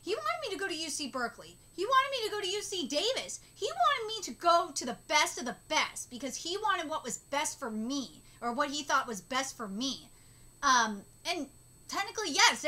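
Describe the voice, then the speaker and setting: A woman's voice: high voice, sing-song, a little fast, pushed and bright. A woman ranting indignantly and swearing in a live reaction to a manga chapter.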